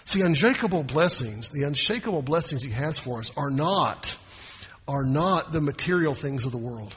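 Husky preacher in a reverberant hall. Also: male voice, a little high, lively intonation, normal speed, fairly bright tone. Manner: emphatic, repeats key phrases. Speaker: pastor. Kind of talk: sermon.

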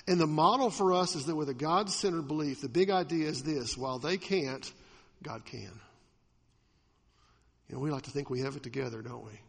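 A pastor preaching a sermon, swinging from loud emphatic peaks to quiet asides and asking his listeners questions. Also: a little high, breathy edge, big-room sound. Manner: asks the audience questions.

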